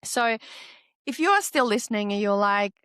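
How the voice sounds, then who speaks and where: Aussie woman host, solo self-help podcast, blunt and lively, swears a lot, dry close sound. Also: mid-range voice, normal speed, clean tone, dry recording. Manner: candid and animated, swears freely. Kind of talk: solo motivational podcast talk.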